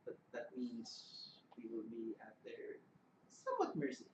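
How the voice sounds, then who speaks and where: Casting: player, mid-pitch voice, quick jokes, roomy camera recording. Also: huge pitch swings. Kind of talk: playing a tabletop game. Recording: roomy camera mic with faint noise.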